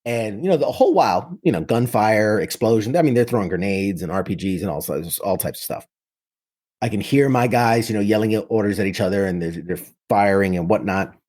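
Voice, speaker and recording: Fairly quick and a little mellow, his voice sits on the low side. He's a thirtysomething veteran from New York City, recounting his story in casual talk that's vividly detailed and often restarts.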